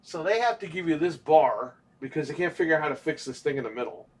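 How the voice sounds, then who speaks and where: A man's voice: fairly high pitch, lively intonation, fast talker. Profane, rambling man chatting on stream. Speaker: podcast co-host. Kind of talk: casual livestream chat.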